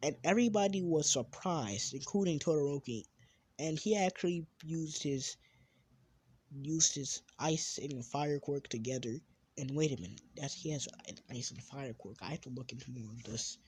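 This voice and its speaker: A young man improvises a fan story in a loose, rambling way. He keeps cutting himself off, and his voice drops quietly at the end of his thoughts. The voice sits a little high and sounds husky and breathy. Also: moderate pace. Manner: rambling, self-interrupting, trailing off quietly. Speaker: channel host telling a fan story.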